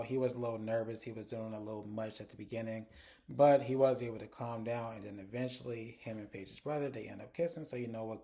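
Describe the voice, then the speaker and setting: A man recapping a TV episode in casual, frank talk, jumping his pitch up to mimic the female characters. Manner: animated and frank, addresses viewers as y'all. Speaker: TV episode reviewer.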